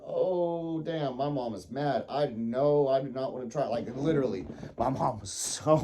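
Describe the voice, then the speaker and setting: A man telling a casual personal story, animated and laughing, acting out his own panicked thoughts. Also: medium pitch.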